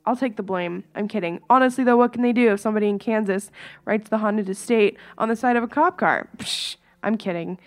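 A woman's voice: medium pitch, quick pace. A young adult woman from Canada hosting a podcast, talking casually with jokes, giggles and apologetic asides. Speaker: podcast host. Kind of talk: casual solo podcast chat.

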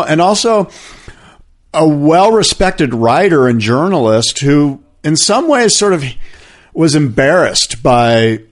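A man co-hosting a podcast in casual chat, meandering through his points and filling gaps with "you know". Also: mid-range voice. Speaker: podcast co-host.

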